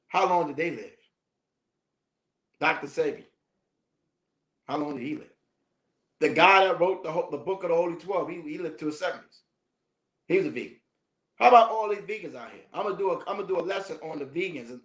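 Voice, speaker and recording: High voiced guy reading scripture-ish text and cracking slangy jokes, laughs a lot, echoey room. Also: fairly bright tone. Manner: slangy, joking asides, laughs often. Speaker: minister teaching a class. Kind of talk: reading a text aloud and commenting casually.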